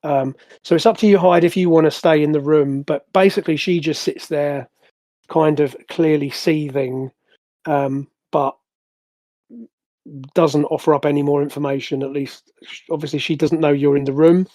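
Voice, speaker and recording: A man narrating as game master of a tabletop game, in a halting way with many restarts. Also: on the high side, steady tone, mellow, dry recording. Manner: halting, full of fillers and restarts.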